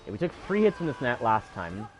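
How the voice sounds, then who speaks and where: A man's voice: medium pitch, big pitch swings, brisk, soft background music. A male streamer giving live gameplay commentary, rambling and self-critical about his own mistakes.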